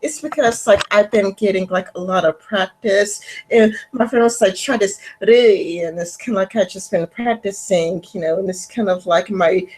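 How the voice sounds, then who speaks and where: A woman's voice: medium pitch, moderate pace, hardly any pauses, darkish tone, low-quality recording. Woman, interviewer, chatty, lots of fillers, casual tone. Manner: chatty, many fillers like "like" and "kinda".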